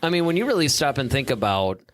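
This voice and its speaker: A man's voice: mid-range voice, sing-song, fast, dry recording. A man co-hosting a podcast, chatting casually about movies and acting out lines he quotes. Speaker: podcast co-host. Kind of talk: casual chat.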